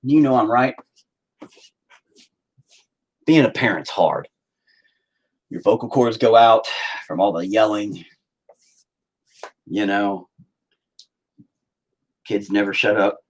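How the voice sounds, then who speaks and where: During a home painting livestream, a man in his thirties rambles casually with crude humor and shrill, mocking put-on voices. He speaks slowly, leaves long pauses, and the recording is low quality.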